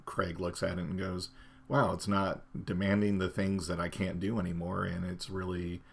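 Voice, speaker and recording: A man's voice: low-pitched, little pitch movement, moderate pace, creaky, husky. A man co-hosting a podcast, chatting casually about films with lots of fillers. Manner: chatty, many fillers like "you know". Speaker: podcast co-host. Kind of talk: casual chat.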